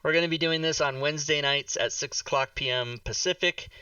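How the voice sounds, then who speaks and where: A man hosting a casual live-stream chat, excitable and loud, cursing and mocking his own mistakes. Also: a little high, fairly quick, clean tone, no room sound, far from the mic, muffled recording. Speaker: host.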